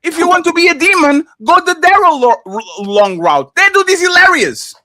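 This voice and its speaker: A man in casual opinion talk on a streamed panel, animated and emphatic, often slipping into mocking impressions. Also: extremely high pitch, moderate pace. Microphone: streaming microphone.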